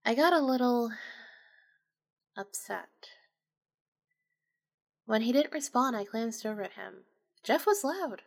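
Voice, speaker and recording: A woman's voice: fairly high pitch, expressive, slow pace, gravelly, pauses often. A woman narrating a supernatural story in the first person, in an intimate, emotional, confessional way.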